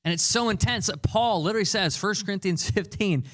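Young guy pastor preaching, kinda high voice, earnest and chatty, repeats stuff for emphasis. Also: fairly quick, a bit bright. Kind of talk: sermon.

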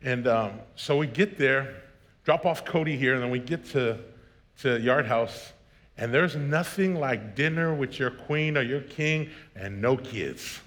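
A thirty-something pastor with a medium-pitched, slightly bright voice preaches at a measured pace, his words ringing with long reverb in the sanctuary. He starts with humorous family anecdotes before working up to forceful, emphatic preaching.

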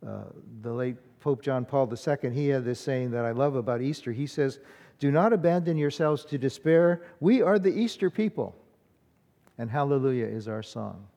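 A man's voice: medium pitch, moderate pace, mellow, long reverb tail. A man preaching a sermon as pastor, earnest and conversational, often restarting his phrases with fillers.

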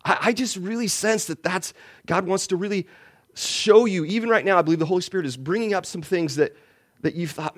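A man preaching a sermon, telling a personal story and swinging between loud lines and hushed ones. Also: sits high, brisk. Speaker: pastor.

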